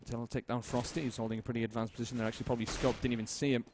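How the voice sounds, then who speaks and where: A man casting a competitive shooter game match with fast, joking play-by-play commentary. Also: medium pitch, flat delivery, background noise. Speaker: esports caster.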